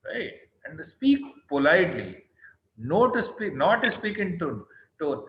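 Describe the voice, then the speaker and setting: A man's voice: sits high, sing-song, measured pace. A man with an Indian English accent teaching an online class, quizzing students by name and often asking "right?". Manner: stern, scolds students on tone. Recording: roomy, dull online call audio.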